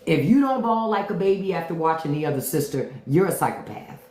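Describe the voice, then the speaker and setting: A woman hosting a casual livestream chat, her low voice swinging widely in pitch. She talks slowly and with emphasis, swears freely and says the same line over and over. The room around her is echoey. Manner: animated, profane, repeats lines for emphasis. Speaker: livestream host.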